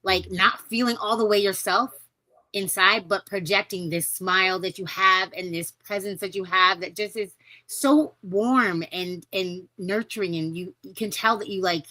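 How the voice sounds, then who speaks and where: A woman's voice: mid-range voice, fairly even intonation, normal speed, bright, forceful tone, poor audio. A woman in her thirties hosting a podcast, talking casually and effusively with many fillers. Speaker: podcast host. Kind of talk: supportive interview chat.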